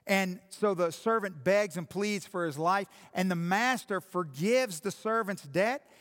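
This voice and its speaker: High-pitched pastor guy preaching hard, direct and intense, big echoey hall. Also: a bit bright. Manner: impassioned, direct preaching to the congregation. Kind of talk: sermon.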